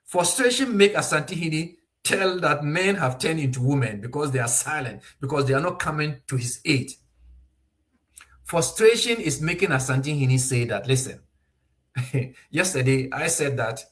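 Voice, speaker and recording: Male commentator, impassioned and mocking, animated delivery. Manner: animated, mocking, raises pitch sharply to voice others, laughs often. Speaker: political commentator.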